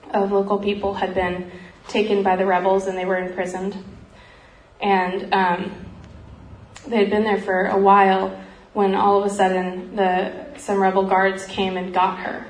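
A woman earnestly telling a missionary story in a heartfelt talk, often pausing with "um" and growing emotional. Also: mid-range voice, little pitch movement. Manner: earnest, frequent ums, grows emotional. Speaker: speaker sharing a missionary story. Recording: roomy echo, faint background noise.

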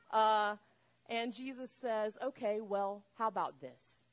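A woman preaching a sermon, retelling a story with lively acted-out voices. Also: medium pitch, takes it slowly. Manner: animated, acts out voices in the story. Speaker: pastor.

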